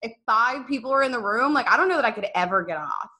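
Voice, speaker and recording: A woman's voice: fairly high pitch, expressive, quick pace, pushed and bright. A woman in her thirties, a podcast guest, talking frankly and bluntly about dating in casual comedic chat. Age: 30s.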